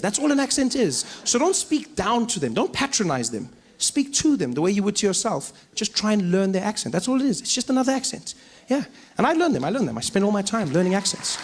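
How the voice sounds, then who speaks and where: Man from South Africa, stand-up set, lively and expressive. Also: high voice. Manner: animated storytelling with shifting voices. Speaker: comedian. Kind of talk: stand-up comedy.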